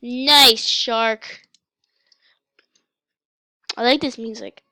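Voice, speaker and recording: Bright-voiced excitable young woman gamer. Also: on the high side, measured pace, dry recording. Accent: mock British, put on. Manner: chatty, excitable, breaks into gasps and shouts. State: coughing. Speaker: gaming channel host. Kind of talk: casual gameplay commentary.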